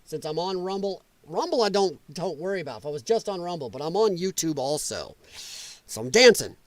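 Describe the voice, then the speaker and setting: A middle-aged man from Illinois hosting a live political stream, his voice sitting high and swinging widely up and down. He is profane and mocking and laughs a lot between jabs. The sound is dry and close, with no room around it. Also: brisk, no echo. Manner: animated, drops into sarcastic mimicking voices.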